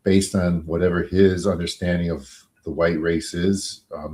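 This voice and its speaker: A man, a defense attorney being interviewed, answering in a measured, halting way with many pauses and fillers. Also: low-pitched, a little mellow.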